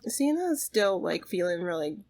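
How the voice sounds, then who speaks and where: A woman's voice: on the low side, sing-song, normal speed, gravelly, darkish tone. A woman hosting a casual let's play of a life-sim game, chatty and full of fillers. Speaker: gaming channel host.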